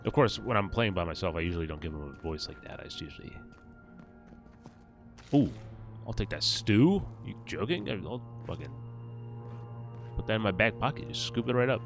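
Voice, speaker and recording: Deep-voiced man playing a fantasy game. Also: expressive, moderate pace, creaky, long pauses, music in the background. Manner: stumbles over fantasy names, casual swearing. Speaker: let's play host. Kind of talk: casual gameplay commentary, reading in-game notes aloud.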